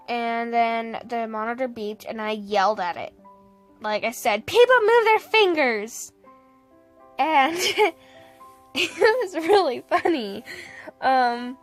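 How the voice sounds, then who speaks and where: A young woman with a slightly high voice tells a story in a loose, chatty vlog way. She keeps breaking into laughter and acts out the lines people said to her. Soft music plays faintly under her voice. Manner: animated, laughs often, quotes people.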